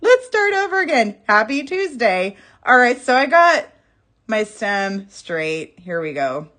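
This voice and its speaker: A woman's voice: fairly high pitch, very animated, slow, pushed and bright. A woman teaching a live wire-wrapping jewelry class, chatty and self-laughing, greeting viewers as she works. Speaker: jewelry-making instructor. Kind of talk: live craft demonstration.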